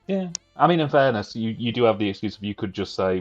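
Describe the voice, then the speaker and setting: A man's voice: on the low side, animated, fast talker. A man co-hosting a casual live stream, bantering in a dry, wry way. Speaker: stream co-host. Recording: dull lo-fi stream audio with faint music.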